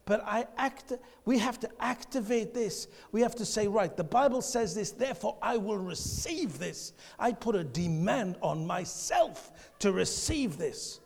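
A man preaching a passionate sermon, shifting between quiet, intimate passages and shouted declarations. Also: sits high, animated, measured pace, vocal fry, few pauses. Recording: long hall reverb.

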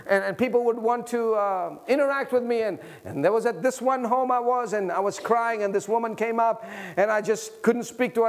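A male preacher with a high voice delivers a fervent sermon. He moves between loud, urgent pleading and soft, low intensity, drawing out words for weight. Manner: impassioned, swings from loud urgent pleading to hushed low tones; slows down to stretch out key words.

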